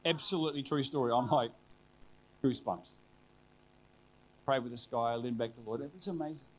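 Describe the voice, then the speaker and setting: A man's voice: medium pitch, brisk. A middle-aged man preaching a sermon, telling a personal story in an earnest, conversational way with frequent restarts.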